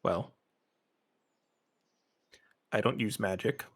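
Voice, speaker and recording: Slow, deliberate man playing a tabletop game. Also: fairly low pitch, gravelly, husky. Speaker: player.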